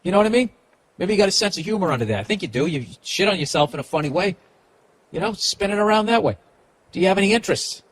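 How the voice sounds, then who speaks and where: A man's voice: high-pitched, expressive, quick pace, a little hiss or hum. A man with a Boston accent, hosting a podcast and giving profane, rambling comedic advice. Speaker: podcast host.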